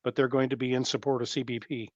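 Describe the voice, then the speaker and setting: A man's voice: medium pitch, flat delivery, fast talker, no echo, lo-fi sound. A man on a casual political podcast, firmly setting the record straight point by point. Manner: firm, corrects claims point by point. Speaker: podcast co-host.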